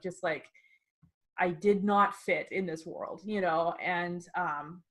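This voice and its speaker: A woman in her twenties, co-hosting a podcast, tells a personal story in a casual, lively way with a mid-range voice. She laughs frequently and acts out what other people said.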